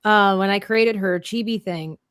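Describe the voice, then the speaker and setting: Chatting while she draws on a live stream, this Canadian woman laughs a lot and delivers everything with animation. Her medium-pitched voice is clean-toned at a moderate pace, recorded dry with clean studio sound.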